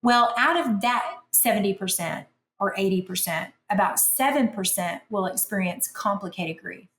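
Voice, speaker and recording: Woman author, podcast guest, animated chatty storyteller, average pitch, echoey room. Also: moderate pace. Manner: chatty, animated, self-deprecating humor. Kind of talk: conversational storytelling.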